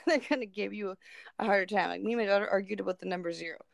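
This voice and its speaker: Woman, young adult, gravelly, casual blunt chat, swears, laughs a lot. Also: medium pitch, racing, no room sound. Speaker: co-host of a live audio chat.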